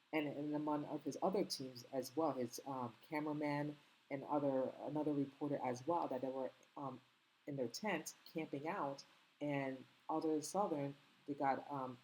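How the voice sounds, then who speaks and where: A woman's voice: low voice, darkish tone, breathy edge, rough recording. A woman with a slight foreign accent hosting her own commentary channel, talking earnestly and rambling with many ums and restarts. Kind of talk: casual opinion commentary.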